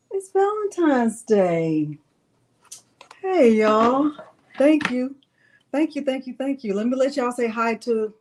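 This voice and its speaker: A woman's voice: sits high, a little mellow, low-quality recording. A woman hosting a crafting livestream in casual, playful chat, greeting viewers by name and coaxing her pet in a teasing baby-talk voice. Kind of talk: casual live-stream chat.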